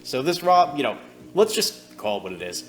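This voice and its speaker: A man's voice: mid-range voice, big pitch swings, moderate pace. A man hosting a commentary video, talking in a sarcastic, scornful way.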